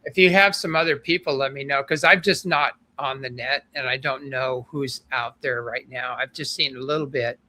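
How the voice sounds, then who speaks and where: Man guest, chatty storyteller, bright forceful voice, laughs between stories. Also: mid-range voice, fairly even intonation, normal speed, hardly any pauses. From American desert. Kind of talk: casual conversation.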